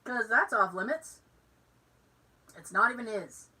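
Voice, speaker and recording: A woman's voice: fairly high pitch, lively intonation, measured pace, bright, forceful tone, slightly rough, far from the mic, rough recording. A woman from Massachusetts with a Massachusetts accent, co-hosting a podcast and telling a story in casual chat. She acts out the lines of other people in the story. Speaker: podcast co-host.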